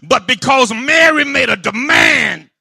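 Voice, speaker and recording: A male pastor a fiery sermon, shouting and repeating his points. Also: extremely high pitch, expressive, measured pace, vocal fry, slightly rough, dry recording. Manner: shouting, call-and-response preaching.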